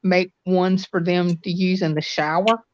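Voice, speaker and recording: This older woman has a lowish voice and talks in a chatty, rambling way, walking through the details patiently. The audio is dry and close, with a dull, lo-fi quality from the stream. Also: steady tone, a little slow, dry recording. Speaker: guest on a live stream panel. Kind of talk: casual chat.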